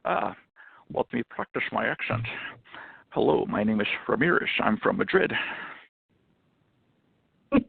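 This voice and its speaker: A man's voice: mid-range voice, sing-song, normal speed, vocal fry, breathy edge, dry recording, heavily acted. A man impersonating an older male movie star with a Scottish accent that never changes, heard over a phone line. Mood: deadpan.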